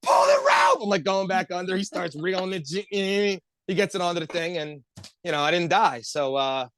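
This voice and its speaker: A man's voice: high-pitched, moderate pace, raised voice. A man on a podcast telling a long, rambling story among friends, swearing constantly and talking with lots of energy. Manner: profane, animated, rambling storyteller. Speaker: podcast co-host.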